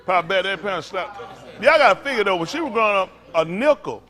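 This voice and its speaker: High, animated man preaching playfully. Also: fast talker. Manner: playful, teasing, animated, often laughing. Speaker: pastor. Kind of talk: playful sermon talk to a congregation.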